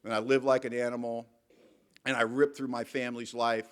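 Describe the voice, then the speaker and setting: A man's voice: medium pitch, level tone, a little fast, clear, resonant tone. A middle-aged man giving a candid, emphatic recovery talk to a convention audience and telling his own story with self-mocking humor. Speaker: AA speaker. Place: convention hall.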